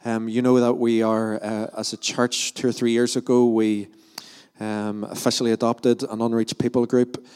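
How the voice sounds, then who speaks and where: A pastor leads fervent prayer and church announcements in a church hall, often restarting his phrases. His medium-pitched voice has little pitch movement, a moderate pace, and a slightly mellow, clean tone, with the long reverb of the hall around it.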